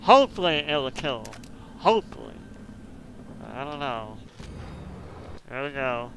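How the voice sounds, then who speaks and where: A frustrated man commentating his gameplay, swearing constantly and swinging between muttered complaints and yelling outbursts. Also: mid-range voice, big pitch swings, a little slow, creaky, background noise. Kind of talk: raging let's-play commentary.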